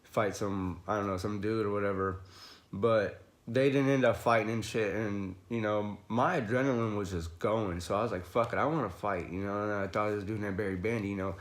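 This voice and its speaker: A young man telling a long story on a casual livestream. He rambles, swears a lot and fills every pause with "you know," laughing and raising his voice as he relives a fight. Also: lowish voice, steady tone. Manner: rambling, profane, full of fillers like "you know"; laughs often and gets loud when reliving a fight. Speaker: livestream host.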